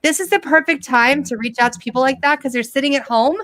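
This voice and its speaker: A high-pitched, fast-talking middle-aged woman does sarcastic stand-up comedy via video call, with no room sound on the audio. She brings animated storytelling and mocking impressions to the set.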